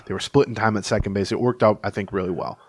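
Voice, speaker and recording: A man's voice: fairly low pitch, fast, breathy edge, no echo. A man co-hosting a casual sports podcast, telling long anecdotes in a rambling, storytelling way. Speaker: podcast co-host and beat reporter.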